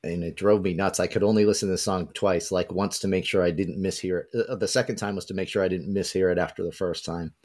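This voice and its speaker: A man with a lowish voice telling a long story at an easy, laid-back pace. His delivery is wry and deadpan. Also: quick pace, few pauses. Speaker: podcast co-host. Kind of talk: casual storytelling.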